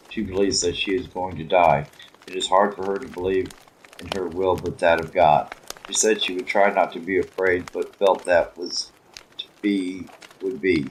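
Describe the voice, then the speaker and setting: A man narrating a religious story in a measured, solemn reading with occasional slips. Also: deep voice, slight background noise, poor audio. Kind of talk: scripted audiobook narration.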